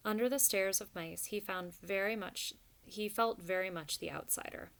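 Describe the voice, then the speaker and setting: Give me a woman with a gravelly voice narrating a storybook steadily. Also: mid-range voice, normal speed, hardly any pauses, a bit bright. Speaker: audiobook narrator.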